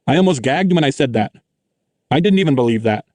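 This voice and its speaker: A man's voice: mid-range voice, lively intonation, normal speed, a little mellow, no echo, studio quality. A man reading a first-person audiobook in a wry, plain, conversational teenage voice. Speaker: audiobook narrator.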